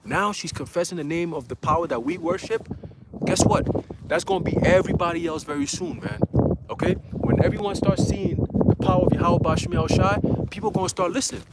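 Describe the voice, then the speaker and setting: Young man with a raised pitch, giving a slangy, animated church testimony; noisy, clicky recording. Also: a little fast. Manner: casual slang, excited, quotes others in dialogue.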